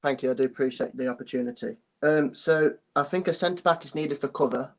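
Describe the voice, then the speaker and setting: A man's voice: mid-range voice, a little fast. A young man calling in to a phone-in show, talking hesitantly, apologizing often and restarting his sentences. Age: young adult. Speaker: caller. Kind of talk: phone-in chat.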